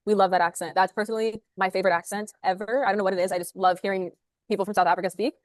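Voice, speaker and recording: A woman, a sales manager, talking fast and upbeat as an interview guest over a video call, with lots of "like" fillers. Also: medium pitch, steady tone, no echo, clean studio sound. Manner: rapid, upbeat, full of "like" fillers.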